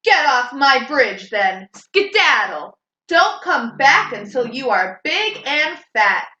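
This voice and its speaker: A woman's voice: sing-song, pushed and bright, reverberant, lo-fi sound, exaggerated voice. Woman doing a growling hungry troll. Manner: low slow growl. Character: hungry mean male troll under a bridge.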